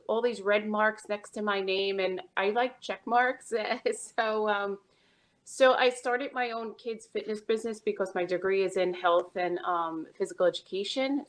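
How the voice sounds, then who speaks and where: Chatty New York woman guest. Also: mid-range voice. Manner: chatty and upbeat, with short laughs. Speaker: real estate agent, podcast guest. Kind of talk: casual interview chat.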